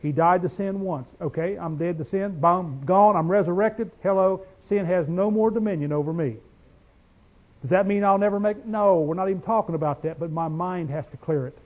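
With a high voice heard through narrow, tinny audio, a man preaches a folksy sermon. He reads verses slowly, asks the congregation questions, and swings from quiet asides to loud declarations.

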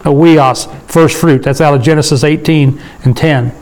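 A man leading a Bible study sermon in a conversational way, slowing down to read scripture and often asking his listeners for agreement. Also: on the high side, low-quality recording. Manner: conversational, asks the room for agreement; slows down to read scripture aloud. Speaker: preacher.

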